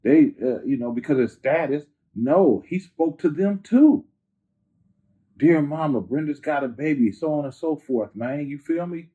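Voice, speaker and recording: A man from the Bay Area, a rapper telling stories in a casual, slang-filled interview, filler-heavy and animated. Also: fairly high pitch, a little slow. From Bay Area, California. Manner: animated, slangy, leans on "you know". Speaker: rapper guest. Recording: phone-like lo-fi line.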